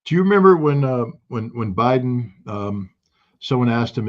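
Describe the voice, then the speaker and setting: A man giving heated political commentary as a guest, forceful and indignant, often restarting his sentences. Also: medium pitch, lively intonation, normal speed, muffled recording.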